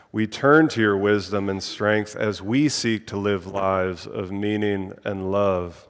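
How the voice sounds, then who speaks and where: Slow, smooth-voiced man in a reverberant sanctuary. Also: lowish voice. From Virginia. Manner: playful with wordplay, then slow and solemn in prayer. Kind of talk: sermon and spoken prayer. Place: church sanctuary. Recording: long hall reverb.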